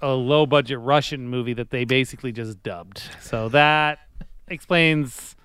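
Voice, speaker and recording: A man co-hosting a casual comedy podcast, joking in a dry, deadpan way. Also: mid-range voice, a little slow, clean tone, no room sound. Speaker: podcast co-host.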